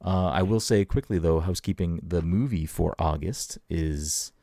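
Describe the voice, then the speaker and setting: A man's voice: sits low, moderate pace, warm tone, no room sound, studio quality. A man co-hosting a casual chat podcast, rambling and laid-back, swearing casually. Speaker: podcast co-host.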